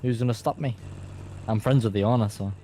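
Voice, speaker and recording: Cocky British man, low and distant. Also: fairly quick, warm tone. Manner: cocky, offhand. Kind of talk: casual in-game roleplay chat. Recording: distant voice over noisy traffic. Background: car and street noise.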